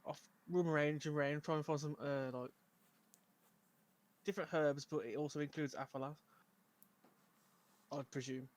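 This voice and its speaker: Halting male tabletop player. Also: a little high, steady tone. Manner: halting, filler-heavy. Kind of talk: casual tabletop play.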